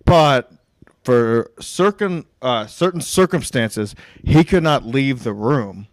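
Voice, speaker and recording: A man's voice: medium pitch, lively intonation, takes it slowly, dry recording. Man, podcast host, tipsy, rambling, repeats himself, dry. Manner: rambling, repeats himself, says he is a little drunk. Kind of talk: casual podcast chat. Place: home, remote call.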